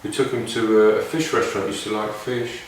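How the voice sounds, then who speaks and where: A man with a slightly low voice tells a wandering anecdote, stopping and restarting as he reflects. He is recorded from a distance in a very echoey room. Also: fairly even intonation, fast, a little hiss or hum. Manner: meandering, reflective, with many restarts. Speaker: didgeridoo player sharing stories. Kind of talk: casual anecdotal storytelling. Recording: very echoey room, mic far off.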